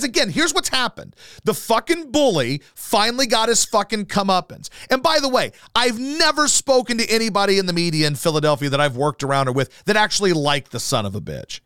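A man's voice: sits high, fairly bright tone, clear, resonant tone, dry recording, studio quality. A man hosting a solo podcast, ranting in a profane, sarcastic, mocking way. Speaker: podcast host.

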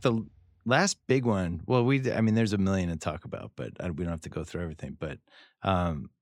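A man's voice: low voice, brisk, no echo. A man from Boston hosting a podcast interview, chatting casually with joking asides. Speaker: podcast host.

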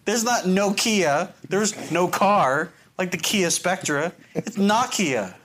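A man's voice: high-pitched, takes it slowly, fairly bright tone, a little hiss or hum. A man in casual conversation who stumbles and repeats words, then argues playfully over how words are said. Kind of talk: casual banter.

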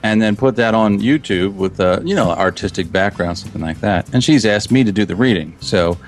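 A man with a fairly low voice talks casually as a podcast guest, rambling a little and correcting himself mid-sentence. He chuckles easily while he explains his plans, and faint music sits under the talk. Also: brisk. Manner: rambling, self-interrupting, chuckles often. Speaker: podcast guest, Minecraft video creator.

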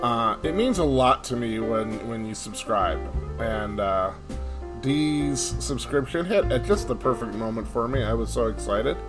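A man hosting a podcast, closing the show in a relaxed, rambling manner with many fillers. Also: medium pitch, measured pace. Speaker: podcast host. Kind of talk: casual show outro. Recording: guitar music playing behind.

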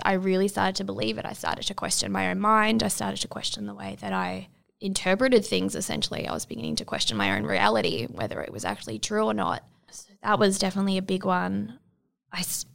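A young woman in her twenties, giving a reflective, halting personal testimony in an interview. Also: medium pitch, creaky. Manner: reflective, halting, many fillers.

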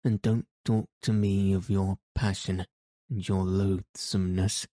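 A man's voice: low voice, level tone, a little slow, dark tone, no echo, clean studio sound. A man reading as a bitter betrayed wife. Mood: bitter despairing.

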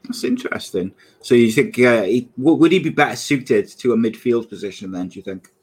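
A man's voice: medium pitch, animated, brisk, husky. A young man hosting a casual live podcast, upbeat and chatty as he reads out viewer comments. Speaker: podcast host.

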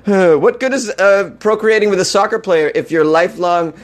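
A male comedy news host riffs on odd headlines in a mocking, incredulous way. He laughs often between lines, and his voice sits a little higher than most men's. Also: normal speed.

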